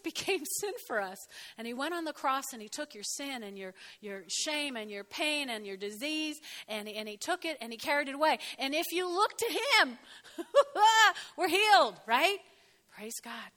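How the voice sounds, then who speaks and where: A middle-aged woman giving a lively sermon, animated and often laughing, swinging from loud to soft. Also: high-pitched, normal speed. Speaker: preacher.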